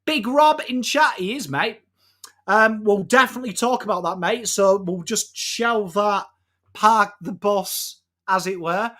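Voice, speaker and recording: A man's voice: high-pitched, unhurried. An English man hosting a live footy stream, chatting matily with viewers and breaking down trades, swearing now and then. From England. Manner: matey, excitable, swears freely, greets chat by name. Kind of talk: casual live-stream chat and trade analysis.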